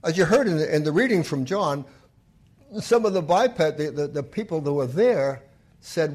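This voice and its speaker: Lively, expressive male preacher. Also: on the high side, moderate pace, husky. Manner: retells scripture with acted quotes, lively and emphatic. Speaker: pastor. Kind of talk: sermon.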